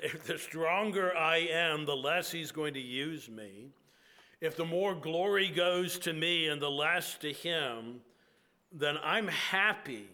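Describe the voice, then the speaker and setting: A male preacher delivers a sermon in a slow, deliberate cadence, pausing often to let his words settle. His voice is bright and set a little high, and his tone stays earnest and reflective.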